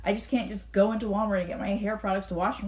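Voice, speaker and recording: A woman's voice: medium pitch, steady tone, fast talker, darkish tone. A woman from Canada, a pastor, speaking candidly in a conversation for a church video.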